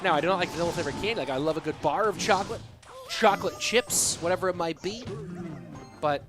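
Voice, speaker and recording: A man's voice: sits high, fast talker, over music. A young man casting a live esports match, joking around and answering viewer questions between plays. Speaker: esports caster. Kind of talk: live game commentary and reading chat.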